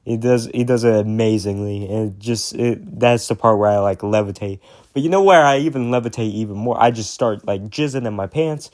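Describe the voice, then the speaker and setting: A man's voice: mid-range voice, expressive, moderate pace, a little mellow, no echo, studio quality. A man rambling casually about music, with lots of fillers, restarts and swearing. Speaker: music commentator.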